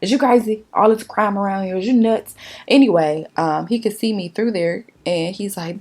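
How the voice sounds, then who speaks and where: A woman beauty vlogger chatting casually through a makeup tutorial, telling a story in a lively, profane way straight to her viewers. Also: mid-range voice, fairly quick.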